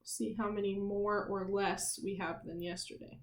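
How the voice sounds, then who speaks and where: A woman's voice: medium pitch, little pitch movement, reverberant. A woman teaching young children in a remote lesson, spelling out words letter by letter and asking the class encouraging questions. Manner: slow, clear, spelling out letters and sounds.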